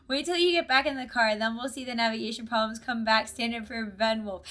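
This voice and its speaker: A woman's voice: fairly high pitch, brisk, few pauses, pushed and bright. Bubbly woman streaming a game. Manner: bubbly, giggly, chatty with viewers. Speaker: live-streamer. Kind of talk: casual gaming live-stream chat.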